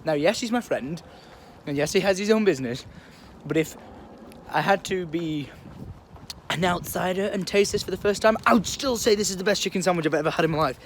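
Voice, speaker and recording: Fast-talking animated man vlogging. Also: high voice, a little hiss or hum. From England. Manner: animated, swears freely, acts out quotes. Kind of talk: storytelling vlog.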